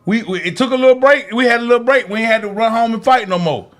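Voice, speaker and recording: A man co-hosting a podcast, telling profane, animated childhood stories in casual chat. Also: very high voice, fast. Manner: animated, profane storytelling with frequent restarts and laughter. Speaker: podcast co-host.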